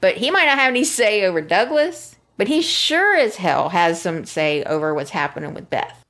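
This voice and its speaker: A woman's voice: mid-range voice, lively intonation, normal speed, a bit bright. A woman co-hosting a podcast, chatting casually and getting fired up as she acts out quotes. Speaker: podcast co-host. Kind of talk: casual chat recapping a soap opera.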